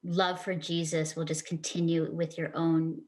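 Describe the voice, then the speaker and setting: Earnest, low-voiced woman host. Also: flat delivery, a little slow, darkish tone. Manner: earnest, affirming. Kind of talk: faith talk show interview.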